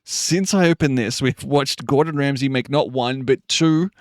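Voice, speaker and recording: A man's voice: mid-range voice, moderate pace, no room sound, clean studio sound. A man chatting casually on a live stream, rambling and joking, with frequent swearing. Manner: rambling, jokey, swears often.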